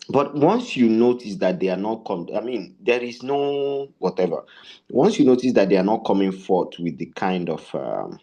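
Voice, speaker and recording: A man leading a tech sales bootcamp, telling stories and asking rhetorical questions as he teaches. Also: fairly low pitch. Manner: animated, storytelling with rhetorical questions. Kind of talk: bootcamp lecture with storytelling.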